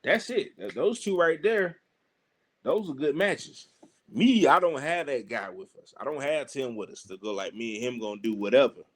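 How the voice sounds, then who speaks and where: A man with a Southern US accent, a wrestler guest telling a road-trip story in an animated way and acting out other people's lines. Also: fairly high pitch, normal speed, breathy edge. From Southern United States. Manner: lively, acts out other people's lines, heavy slang.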